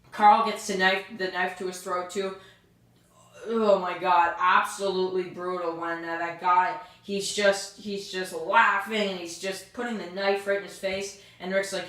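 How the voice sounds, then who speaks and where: A woman's voice: lowish voice, a bit bright. Rambling woman recapping in an echoey room. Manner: rambling, full of "you know" and "um" fillers; acts out characters' lines in quick asides. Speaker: TV episode reviewer. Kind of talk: casual spoken recap and review.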